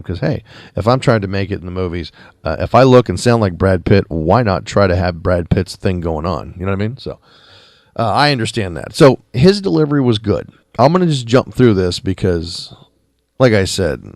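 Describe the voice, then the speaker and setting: A man talks through a film review on his podcast, rambling along and dropping into quick imitations of the characters. His voice sits low but moves around a lot in pitch. The sound is dry and close, with no room around it. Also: a little mellow, no echo. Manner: rambling, conversational, with quick mimicked quotes. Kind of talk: casual spoken review. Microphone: podcast mic.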